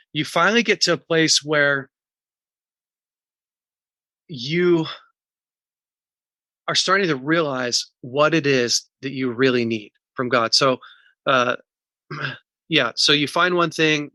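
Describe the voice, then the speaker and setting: Earnest man with a bright voice. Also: on the high side, dry recording. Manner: earnest, teaching in numbered steps; candid and emotional about personal pain. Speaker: podcast guest, recovery coach. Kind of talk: podcast interview.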